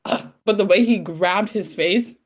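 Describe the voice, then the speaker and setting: A woman co-hosting a casual podcast, gushing excitedly and acting out her own reactions. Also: mid-range voice, a little slow. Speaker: podcast co-host. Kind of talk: casual chat.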